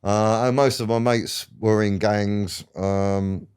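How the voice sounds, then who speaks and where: Guy in his 60s, really low voice, smooth, rambly and sweary, chatting on a podcast. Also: fairly even intonation, takes it slowly, a little mellow. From England. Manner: rambling, swears freely, laughs while telling stories. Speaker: guest. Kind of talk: casual storytelling interview.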